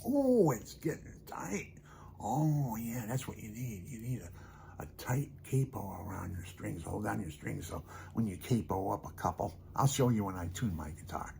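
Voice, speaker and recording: An older man talks in a low, gravelly voice, rambling off the cuff and chuckling between thoughts. He speaks softly, and a faint hiss sits under the recording. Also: very animated, moderate pace. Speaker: vlogger and hobby guitarist.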